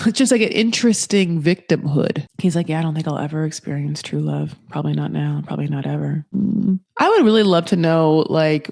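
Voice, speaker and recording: A woman with a low voice full of vocal fry talks through a podcast recap in a loose, rambling way. She is sarcastic, swears freely and teases her listeners. The sound is dry and close, with no room around it. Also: a little mellow, dry recording. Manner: playful and self-mocking. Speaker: podcast host. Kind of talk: casual reality TV recap chat.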